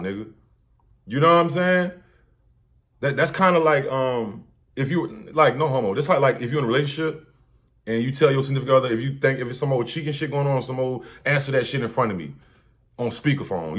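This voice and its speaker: A man hosting a reaction show, talking casually and rambling in loose slang and swearing. He stumbles and repeats himself as he thinks out loud, in a voice pitched right in the middle. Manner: loose, slangy and profane, repeats and restarts often. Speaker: host.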